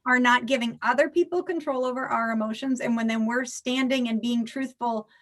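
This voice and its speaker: A woman's voice: a little high, a little fast. A woman, a life coach, talking animatedly as a guest in a podcast interview. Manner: animated, acts out little quoted scenes.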